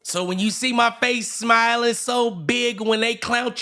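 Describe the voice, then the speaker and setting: A man's voice: high-pitched, very animated, normal speed, pushed and bright. A man reacting to a clip on his livestream, mocking and repeating himself, stumbling over restarts. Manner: mocking, repetitive, stammers and restarts. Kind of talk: heated livestream commentary.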